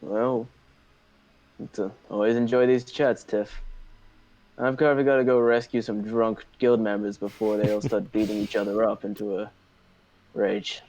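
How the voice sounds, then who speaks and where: A man's voice: lowish voice, little pitch movement, normal speed, darkish tone, low-quality recording. A man playing a tabletop role-playing game, talking casually with many fillers and a playful, hesitant manner. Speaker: player.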